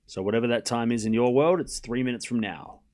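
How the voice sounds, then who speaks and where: A man's voice: medium pitch, fast talker, darkish tone. Chatty Australian man calling tennis live. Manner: chatty, self-deprecating, talks to chat. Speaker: streaming tennis commentator. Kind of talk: casual live watchalong commentary.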